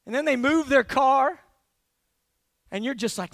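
A man preaching a conversational sermon in a church, acting out everyday scenes with lots of quick restarts. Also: very high-pitched, no room sound. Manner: animated, acts out everyday scenes with frequent restarts.

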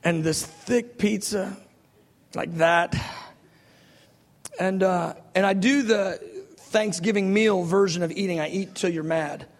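A male preacher tells a story, laughing and mocking himself as he swings from loud bursts to soft, hushed lines. His voice sits fairly high with a gravelly edge. It echoes through a long hall reverb. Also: takes it slowly, long pauses. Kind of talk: storytelling sermon.

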